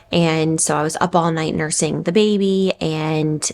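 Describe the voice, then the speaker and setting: A woman's voice: low-pitched, fairly even intonation, measured pace, darkish tone. A woman in her thirties, a mother vlogging, telling a personal story in a candid, reflective, conversational way.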